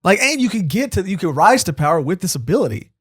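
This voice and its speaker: A man co-hosting a podcast, chatting casually and joking, retelling scenes with animated quotes. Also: sits high, fast talker, slightly rough. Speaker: podcast co-host. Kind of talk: casual chat.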